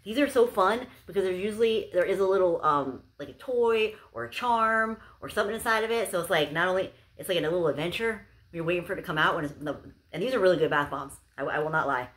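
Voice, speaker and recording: A woman's voice: lowish voice, quick pace, hardly any pauses, fairly bright tone. A young woman chatting casually to camera as she unboxes gifts, gushing and bubbly, with lots of "like"s. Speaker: unboxing vlogger.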